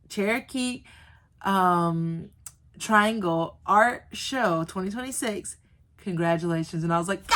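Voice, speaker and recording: A woman's voice: medium pitch, fairly bright tone. A woman chatting in a small business vlog from the floor, rambling with many fillers and restarts. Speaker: small business owner vlogging. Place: indoors, sitting on the floor.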